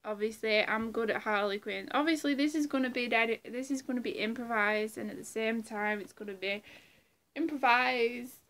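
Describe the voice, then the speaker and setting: A woman's voice: a little high, normal speed, a bit bright. A woman chatting casually in a vlog, rambling and self-deprecating, often repeating herself. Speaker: impressionist vlogger.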